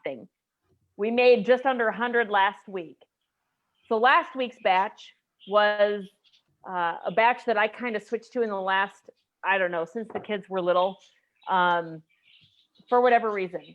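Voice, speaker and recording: A woman in her forties from the United States, telling a personal story in a casual group chat, animated and emotional. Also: medium pitch, a little slow, muffled recording. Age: 40s.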